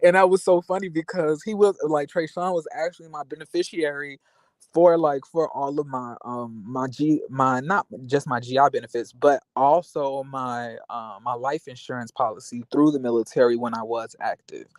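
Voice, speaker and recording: A man's voice: mid-range voice, fairly even intonation, moderate pace, no echo. Rambling young man venting. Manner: rambling, filler-heavy, candid. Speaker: vlogger. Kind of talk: casual venting monologue.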